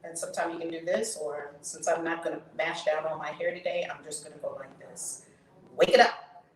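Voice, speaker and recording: A woman hosting her channel, leading a guided tapping session with slow, drawn-out chanted affirmations that turn breathy and emphatic. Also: sits low, steady tone. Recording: echoey room, distant mic, faint noise.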